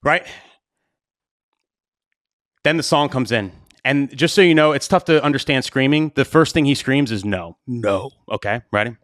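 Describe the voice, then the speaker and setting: A man's voice: medium pitch, moderate pace, a bit bright, dry recording. A young man, a DJ hosting his own show, telling a story casually and animatedly, swearing freely and acting out his own panic. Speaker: wedding DJ and show host.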